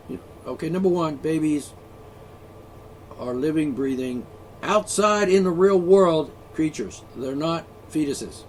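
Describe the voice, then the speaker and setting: Mid-rant and by himself, this vlogger is profane, sarcastic, and mocking toward the people who've worn out his patience. His voice is expressive and a little mellow, moving a little slowly, with pitch that jumps around a lot. Faint hiss sits beneath the audio.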